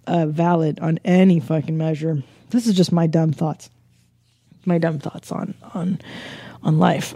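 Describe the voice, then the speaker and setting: A woman's voice: medium pitch, mellow, no echo, studio quality. A woman hosting a podcast in a casual monologue, rambling, swearing freely and laughing often. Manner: rambling, frank and profane, with frequent laughs and fillers. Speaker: podcast host.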